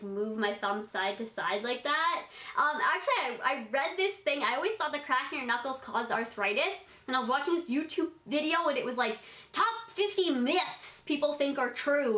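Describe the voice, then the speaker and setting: A woman's voice: fairly high pitch, sharp tone, echoey room. A young adult woman answering fan questions in a bubbly, rambling vlog chat, full of "like". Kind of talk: casual Q&A vlog.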